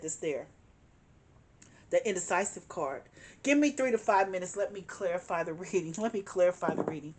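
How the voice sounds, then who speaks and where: A woman giving a tarot card reading, speaking emphatically, repeating her points and chuckling now and then. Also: medium pitch. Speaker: tarot reader.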